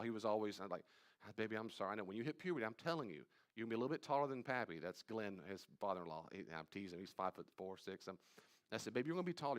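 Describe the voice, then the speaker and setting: A man leading a live church study, talking conversationally with playful asides and sudden loud acted-out quotes. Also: lowish voice. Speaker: pastor teaching a study. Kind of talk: live teaching talk on anxiety. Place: church room with live audience.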